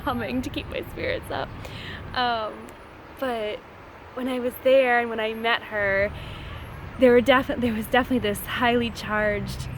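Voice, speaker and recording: Chatty woman with street noise behind. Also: mid-range voice. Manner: chatty, laughs often, acts out quoted lines. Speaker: short story writer. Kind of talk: casual vlog storytelling.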